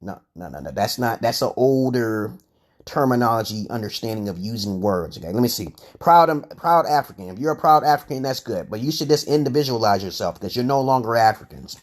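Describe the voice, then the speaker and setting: An American man hosts a casual vlog, answering chat comments in a rambling, argumentative way, stumbling and restarting words, tacking "okay?" onto points, and cursing freely. His mid-range voice is expressive and fairly quick.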